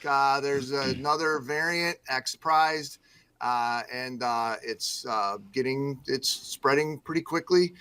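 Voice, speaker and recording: Guesting on a radio program, a news anchor from the Midwestern United States talks in a relaxed, casual way. His medium-pitched voice is slow, smooth, pushed and bright, and his modest, easygoing speech is dotted with many fillers.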